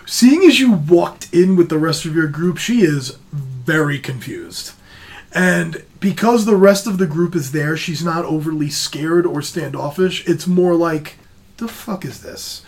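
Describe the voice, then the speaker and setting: A game master calmly narrating a tabletop role-playing game to the players. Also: medium pitch, unhurried.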